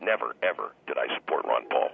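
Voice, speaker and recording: Gravelly deep-voiced man on a phone line. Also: sing-song, quick pace. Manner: indignant and condescending. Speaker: radio show guest. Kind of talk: heated call-in argument. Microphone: telephone.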